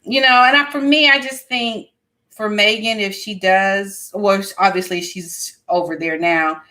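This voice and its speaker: A woman's voice: medium pitch, fairly even intonation, a little slow, bright, forceful tone. An American woman hosting a podcast, chatting casually and thinking aloud with lots of fillers and restarts. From United States. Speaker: podcast host. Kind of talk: casual chat.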